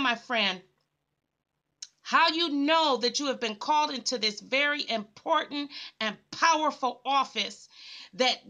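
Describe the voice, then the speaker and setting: A woman delivers a sermon in a high, bright voice. She speaks slowly, calling out to her listener with fervent, repeated direct address. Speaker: evangelist preacher.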